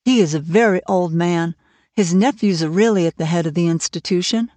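Eager earnest young woman, raised pitch, storybook reading, woman reader, dry sound. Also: a little fast, mellow, no room sound, lightly acted.

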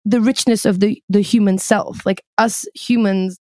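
A woman's voice: medium pitch, fairly even intonation, a little slow, mellow, no echo. Thoughtful woman co-host, dry sound. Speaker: podcast co-host. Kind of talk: reflective conversation.

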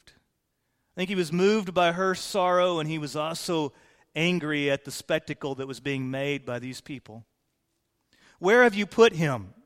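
A man's voice: a little high, fairly even intonation, moderate pace, a bit bright, smooth. A man pastor preaching a sermon, explaining scripture verse by verse in an earnest manner. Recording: long hall reverb.

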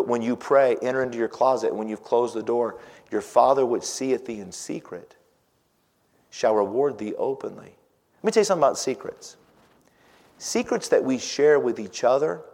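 A middle-aged pastor preaches with a voice of ordinary male pitch, pressing hard on key words and then dropping low and hushed. His scripture quotes come in old-fashioned wording. The sound rings with a long reverb, as in a large hall. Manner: dramatic swings from loud emphasis to hushed near-whisper. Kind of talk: sermon.

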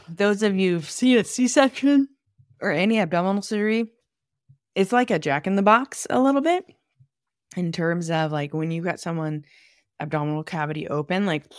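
A woman's voice: on the low side, no room sound, studio quality. A woman hosting a podcast, explaining anatomy in a chatty, thinking-aloud way with asides. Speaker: podcast host and manual therapist. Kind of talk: casual educational monologue.

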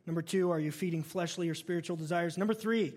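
A pastor in his thirties delivers a sermon to his congregation in a noticeably high voice, speaking fast. Rather than thundering, he tells stories casually and with animation, slipping his points in through humor and laughs.

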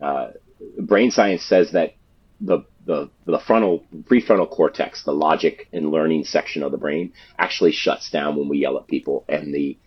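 A man's voice: extremely low pitch, moderate pace, breathy edge, dull audio. A man, a youth sports coach and author, giving earnest explanatory answers as an interview guest.

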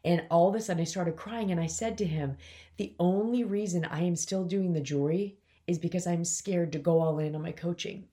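A woman's voice: on the low side, brisk, mellow. A woman in her forties, a business coach hosting her own podcast, talking candidly and emotionally while trying not to cry. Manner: emotional, fighting back tears, candid. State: on the verge of tears. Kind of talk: personal solo podcast talk.

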